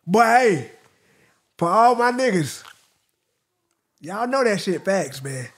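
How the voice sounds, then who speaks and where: A man hosting a reaction video, reacting with loud, animated exclamations and slangy asides. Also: sits high, takes it slowly, pauses often. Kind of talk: excited reaction commentary.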